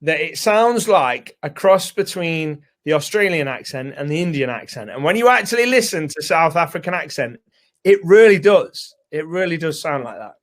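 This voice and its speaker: A man's voice: a little high, expressive, normal speed. A British man co-hosting a live webinar, chatty and rambling as he greets viewers by name. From United Kingdom. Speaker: co-host and co-founder.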